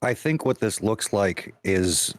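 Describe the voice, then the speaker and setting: A man player at a tabletop game slowly and thoughtfully describes what his character does. His voice is very deep, and the sound is dry and close. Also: lively intonation, no echo. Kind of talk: casual tabletop role-play.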